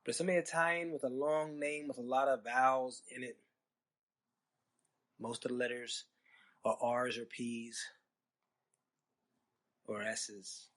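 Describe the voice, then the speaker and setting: A man's voice: medium pitch, steady tone, a little slow, pauses often, a bit bright. A man hosting a storytelling podcast, talking in a rambling, conversational way with sarcastic asides. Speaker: podcast host. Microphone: podcast microphone.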